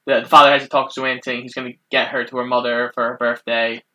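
A man's voice: mid-range voice, little pitch movement, fast, bright, forceful tone, low-quality recording. A man co-hosting a casual movie recap, retelling scenes step by step and swearing casually.

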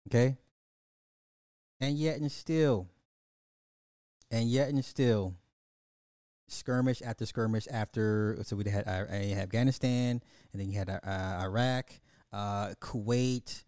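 A man hosting a podcast, ranting about social topics to his audience in a profane, animated way, often repeating and restarting words and laughing at his own points. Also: lowish voice, takes it slowly, long pauses, dry recording, clean studio sound. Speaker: podcast host. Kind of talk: live-stream social commentary rant.

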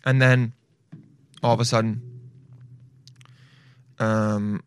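A man talking straight to viewers in a casual, profane monologue, loud and animated, swearing freely. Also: on the low side, slow pace, smooth. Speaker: vlogger.

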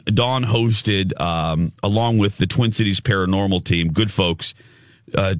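A male radio host chatting on air, telling a story in an animated, rambling way with lots of restarts. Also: fairly low pitch, no echo, studio quality. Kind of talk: casual on-air chat.

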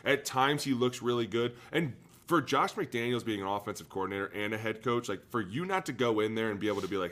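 A man co-hosting a sports podcast in casual chat, animated and joking as he acts out players' gripes. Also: lowish voice, fast. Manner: animated and joking, slipping into mock quotes of players.

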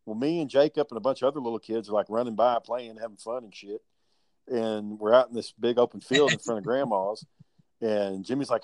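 A man's voice: on the low side, fairly quick, a little mellow, no room sound. A young man, telling rambling, profane family stories in casual chat with his brother.

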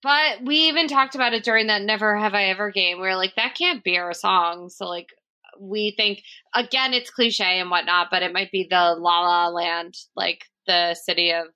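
A woman's voice: mid-range voice, fairly even intonation, normal speed, smooth. A woman hosting a podcast, chatting casually with lots of fillers. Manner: chatty, many fillers, warm-hearted reading. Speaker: podcast host.

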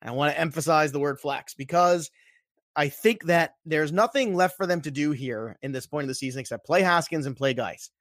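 A man's voice: a little high, fairly quick, fairly bright tone, no room sound, clean studio sound. A man co-hosting a fantasy football show, chatting casually and emphatically, repeating points for emphasis. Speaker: fantasy football podcast co-host. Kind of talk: casual sports betting chat.

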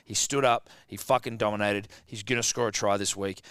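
A man's voice: on the low side, fairly even intonation, a little fast, a bit bright, smooth, no room sound, studio quality. Brash sweary Australian man hosting. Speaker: podcast host. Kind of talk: casual sports betting chat.

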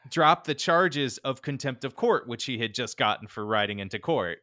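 A man co-hosting a podcast, telling a true-crime story in a laid-back, animated way with lots of fillers. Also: medium pitch, moderate pace, dry recording, clean studio sound. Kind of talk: casual storytelling chat.

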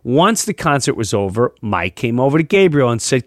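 A man's voice: medium pitch, very animated, normal speed, hardly any pauses, no echo, clean studio sound. A man hosting a podcast in casual, joking chat, laughing often and reading a letter aloud. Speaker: podcast host.

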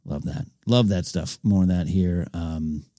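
Low-voiced enthusiastic man hosting a podcast. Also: unhurried, dark tone, dry recording, clean studio sound. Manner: enthusiastic, rambling, with frequent restarts. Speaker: podcast host. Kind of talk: casual episode recap commentary.

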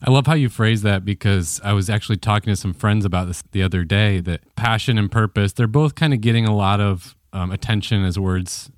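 A man's voice: fairly low pitch, fairly quick, hardly any pauses, dry recording, studio quality. A man hosting an interview, asking his guest questions in an attentive, encouraging way. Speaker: host.

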